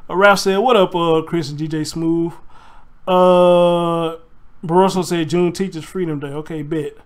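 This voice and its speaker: A man's voice: on the high side, steady tone, measured pace, clean tone. A man hosting a casual livestream, telling a story with energy and reading viewer comments aloud. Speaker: host.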